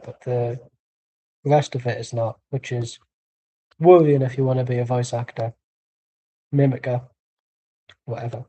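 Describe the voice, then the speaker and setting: A man's voice: mid-range voice, measured pace, long pauses, warm tone. A man streaming a live football watchalong, giving dry, rambling chat and calling out plays. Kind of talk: casual match commentary and chat.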